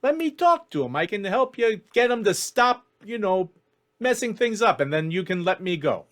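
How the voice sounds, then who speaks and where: A man pitches his voice high to play a smarmy, fast-talking tall male elf. He wheedles and schmoozes in a lively, swooping voice. He sounds nervous underneath the charm. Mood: wheedling. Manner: wheedling, pleading, nervous chatter.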